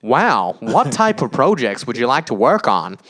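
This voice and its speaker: A man's voice: medium pitch, sing-song, a little slow, fairly bright tone. A man voicing a chirpy AI chatbot in a mock-cheerful way on a casual podcast. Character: chirpy AI chatbot, genderless machine.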